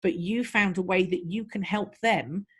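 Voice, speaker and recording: A middle-aged woman, a guest in an interview, giving practical marketing advice in an even, steady way. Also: medium pitch, measured pace, husky. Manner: practical, advising, even-paced. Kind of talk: interview answers.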